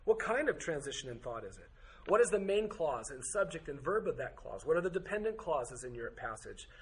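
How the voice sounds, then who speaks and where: Man teaching with rapid-fire questions. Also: a little high, very animated, slight background noise. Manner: rattles off rhetorical questions with joking asides. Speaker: Bible study teacher. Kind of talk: teaching to a group.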